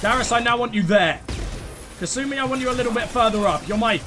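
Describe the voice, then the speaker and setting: A man commentating his own gameplay, excitable, swearing freely and giving orders to his teammates. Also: very high-pitched, quick pace, over music. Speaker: let's play host.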